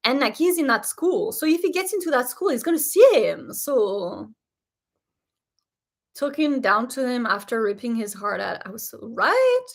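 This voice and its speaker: A woman hosting a casual reaction vlog, talking straight to her viewers in an animated, indignant way. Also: a little high, moderate pace, gravelly. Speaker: show reaction host.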